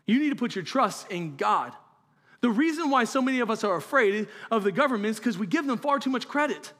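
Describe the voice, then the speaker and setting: High-voiced earnest male preacher. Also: very animated, a little fast, a bit bright. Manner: earnest, conversational preaching with rhetorical questions. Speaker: pastor. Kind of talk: sermon.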